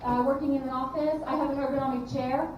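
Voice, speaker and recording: A woman's voice: high-pitched, little pitch movement, quick pace, distant mic, lo-fi sound, slight background noise. A young woman performing stand-up comedy on a club stage, chatty and self-deprecating, with many ums and restarts. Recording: echoey room, mic heard from afar, crowd.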